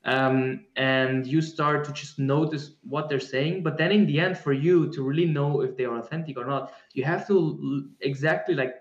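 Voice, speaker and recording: A man's voice: a little high, steady tone, normal speed, hardly any pauses, echoey room, muffled recording. A man answering a question in a reflective, conversational way, often restarting and searching for the right words. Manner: searching, many restarts and fillers. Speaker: guest speaker on embodiment.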